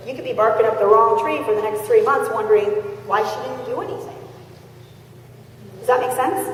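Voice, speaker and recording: A woman's voice: on the high side, a little hiss or hum. A woman sales trainer giving a chatty motivational training talk, acting out scenarios and checking in with the audience, recorded in a large convention hall. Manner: chatty, tag questions, acts out scenarios. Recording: echoey convention hall from far off.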